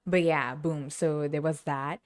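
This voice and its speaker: A woman's voice: deep voice, steady tone, measured pace, noisy background. A young woman hosting her own podcast, telling stories in a casual, chatty way, laughing often and acting out other people's lines. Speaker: podcast host. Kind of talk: casual storytelling monologue. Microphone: camera on the speaker.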